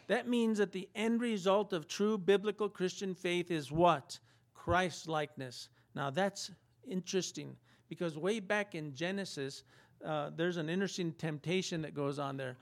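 A man preaching a sermon in a conversational style, asking rhetorical questions and acting out quotes. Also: a little high. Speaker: pastor.

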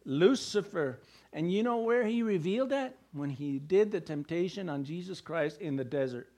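A man's voice: fairly high pitch, lively intonation, moderate pace, mellow. A male pastor preaching a sermon, emphatic and firing rhetorical questions at the congregation.

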